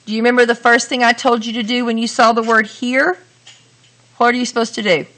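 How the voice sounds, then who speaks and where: A woman teacher explaining grammar step by step, talking through each sentence deliberately and asking the class questions. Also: on the high side, level tone, a bit bright. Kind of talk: grammar lesson.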